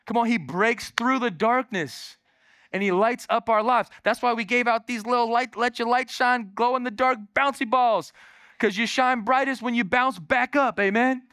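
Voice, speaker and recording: A man preaching a lively sermon as pastor in a church, calling on the congregation and exclaiming as he goes. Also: very high-pitched, moderate pace, clear, resonant tone, no echo, clean studio sound. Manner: calls on the crowd, exclaiming and animated.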